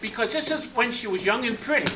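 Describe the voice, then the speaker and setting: A man telling family stories and deadpan jokes over old slides at a family party. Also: very high voice, quick pace. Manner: deadpan joke-telling with laughter. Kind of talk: joking slideshow storytelling. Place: party room with guests at tables. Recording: echoey room, voice from far off, noisy.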